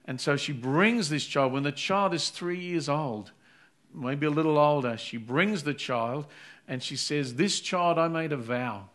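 A man's voice: fairly high pitch, unhurried, fairly bright tone. A man preaching an earnest sermon, retelling a Bible story and acting out its voices. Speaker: pastor.

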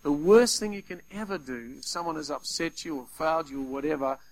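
Brief: male preacher, fairly high voice, animated sermon delivery with acted-out asides. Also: a little fast, poor audio. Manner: animated, acts out little scenes in quoted voices.

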